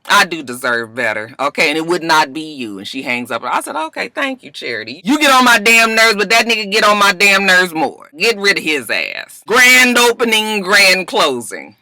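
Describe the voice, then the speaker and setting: A woman vlogger casually recapping a TV episode, animated and sassy, acting out the characters in different voices. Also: fairly low pitch, moderate pace, hardly any pauses, no echo.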